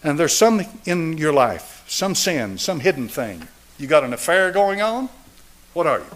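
A man in his seventies preaching a sermon and altar call, driving points home through repetition and swinging between raised and hushed delivery. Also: on the high side, sing-song, unhurried. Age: 70s. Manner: emphatic, repetitive preaching cadence. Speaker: pastor.

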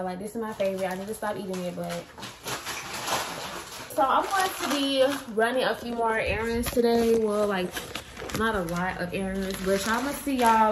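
A woman, chatting casually to her vlog audience, animated and full of "like" and "y'all". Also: mid-range voice, noisy background. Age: 20s. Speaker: vlogger. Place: at home, later in a car.

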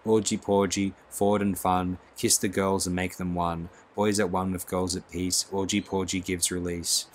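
A man voicing a deep, musical supernatural voice that speaks from above a gathering in an audiobook. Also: level tone, normal speed, hardly any pauses, slight background noise, natural voice. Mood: crooning.

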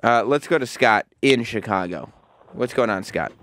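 A man's voice: mid-range voice, normal speed, fairly bright tone. A male radio host on a casual studio talk show, teasing his guests and calling them out on their claims. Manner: teasing, challenging the others' claims. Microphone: studio microphone.

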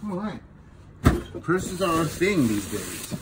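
A man's voice: a little high, sing-song, slow pace, noisy background. A man vlogging casually from inside a storage unit, joking as he sorts through finds. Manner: joking, playful. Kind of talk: casual chat while unboxing.

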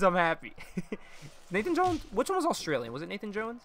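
Young male streamer, animated, bright tone, laughs easily, shouts at losses. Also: high-pitched, a little fast. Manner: excitable, laughs often, yells at the game. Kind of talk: live gameplay commentary.

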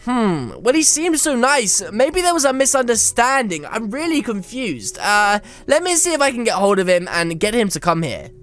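A woman hosting a game video, chatting and exclaiming in excited commentary. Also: fairly high pitch, normal speed, hardly any pauses, soft background music. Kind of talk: excited let's-play commentary.

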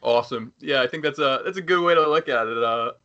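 A man's voice: medium pitch, fast talker, sharp tone, muffled recording. A male podcast host talking casually, agreeable and a little hesitant, often restarting his phrases.

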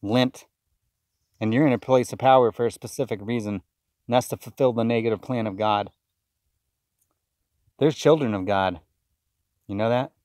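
A man's voice: mid-range voice, moderate pace, long pauses, a little mellow, no room sound. Fiery preaching man, dry sound. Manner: fiery, accusatory, repeats words mid-sentence. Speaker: self-styled preacher. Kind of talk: impassioned video sermon rant.

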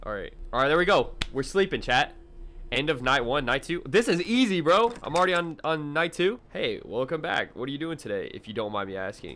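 A young man doing gaming commentary to his chat, loud, excitable, slangy and quick to laugh. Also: on the high side, a little hiss or hum. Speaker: gaming YouTuber. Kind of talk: let's-play commentary.

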